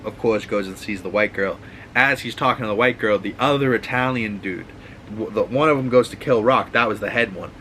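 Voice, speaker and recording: A man's voice: fairly low pitch, fairly bright tone, a little hiss or hum, poor audio. A man with a Boston accent hosting a casual, rambling, profane recap of TV shows, full of restarts. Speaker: host.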